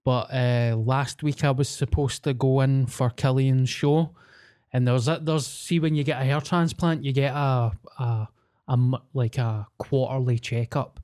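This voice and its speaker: A man's voice: mid-range voice, steady tone, measured pace, a little mellow. Joking Scottish man telling stories. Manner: jokey storyteller, self-mocking. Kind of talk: casual chat.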